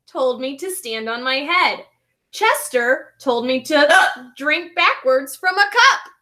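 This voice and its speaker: A woman's voice: sits high, pushed and bright, full character voice. A woman voicing a small, fretful young male penguin who keeps breaking his words with hiccup gasps, reading a children's storybook aloud. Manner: gasping hiccups between words.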